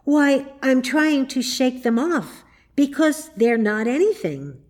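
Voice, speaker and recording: Woman voicing a young girl, storybook, earnest and pleading, slow. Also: high voice, very animated, darkish tone, voice pushed up, full character voice. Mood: delighted.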